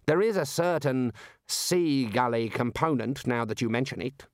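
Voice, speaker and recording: A man voicing a musing older male wizard who speaks slowly. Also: mid-range voice, expressive, no echo, clean studio sound, close to an everyday voice.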